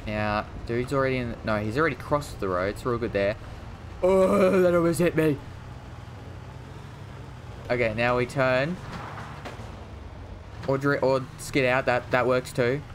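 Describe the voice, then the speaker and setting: A man's voice: mid-range voice, fairly even intonation, normal speed, fairly bright tone, slight background noise. A man casually talking through a video game as he plays, rambling and mocking himself, now and then yelping at what happens on screen. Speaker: gaming streamer. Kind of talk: casual gameplay commentary.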